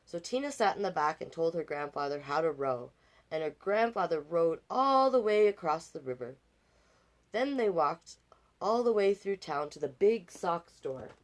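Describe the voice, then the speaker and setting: Animated woman reading a picture book. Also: lowish voice, moderate pace. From Canada. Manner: animated, chatty asides and sound effects. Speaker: storytime host.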